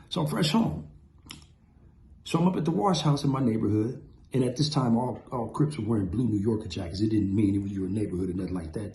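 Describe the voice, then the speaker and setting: A middle-aged man from Compton telling street stories in a lively, casual way. He acts out the quotes and the punches with sound effects. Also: fairly low pitch, echoey room, slight background noise. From Compton, California. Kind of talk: casual storytelling.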